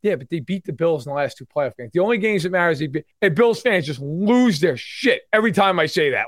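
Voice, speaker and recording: A man in his thirties co-hosting a casual sports talk show, animated and mimicking fans in loud put-on voices. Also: high-pitched, brisk, few pauses, no room sound, clean studio sound. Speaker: sports podcast co-host.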